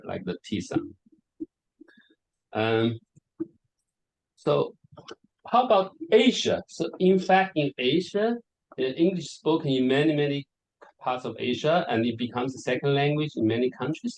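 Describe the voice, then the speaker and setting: A man's voice: medium pitch, a little mellow, low-quality recording. Chatty man presenting at a conference. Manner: casual, filler-heavy, with frequent "like" and "okay". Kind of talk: academic presentation.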